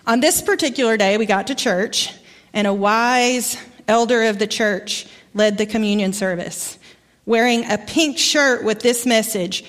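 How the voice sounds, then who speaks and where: Middle-aged woman, Arkansas accent, guest preacher, relaxed storytelling sermon, slightly high voice, church reverb. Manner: warm, conversational storytelling with pauses. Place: church sanctuary.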